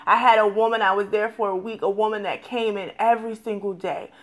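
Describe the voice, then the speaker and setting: A woman hosting an interview, speaking with warmth and encouragement to her guest. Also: medium pitch, steady tone, fairly quick. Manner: encouraging, affirming. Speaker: host. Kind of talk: supportive interview chat.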